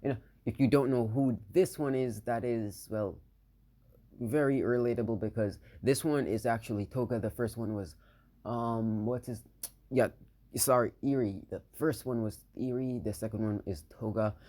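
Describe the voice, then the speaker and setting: A man telling an improvised fan story in a halting way, full of filler words and restarts. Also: mid-range voice, fairly even intonation, mellow. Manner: slow, hesitant delivery.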